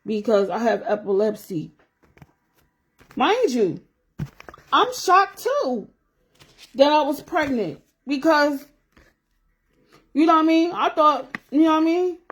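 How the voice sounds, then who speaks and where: A woman's voice: sits high, expressive, measured pace, pauses often. A woman in her forties chatting candidly to viewers on a livestream while doing her nails. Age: 40s. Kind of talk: casual chat on a livestream.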